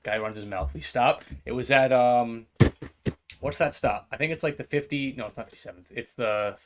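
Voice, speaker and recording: A man's voice: medium pitch, normal speed, over music. A man co-hosting a casual podcast, telling a story with lots of laughter and acted-out quotes. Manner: animated storyteller, acts out quotes, laughs often. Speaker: podcast co-host.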